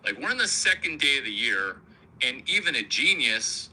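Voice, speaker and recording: A man's voice: mid-range voice, very animated, normal speed, pushed and bright, husky, low-quality recording. A man hosting a rambling comic monologue, provocative, crude and self-mocking. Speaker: comedian host.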